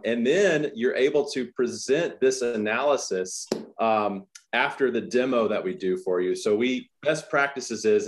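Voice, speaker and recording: Man walking through a sales pitch. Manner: energetic, repeats words, many fillers. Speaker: sales trainer. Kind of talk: business presentation.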